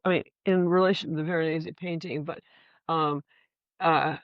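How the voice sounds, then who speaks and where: A woman Shakespeare scholar talking candidly in a relaxed lecture style, often checking in with "right?" and swearing casually. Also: low voice, moderate pace, dry recording. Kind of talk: conversational lecture with readings.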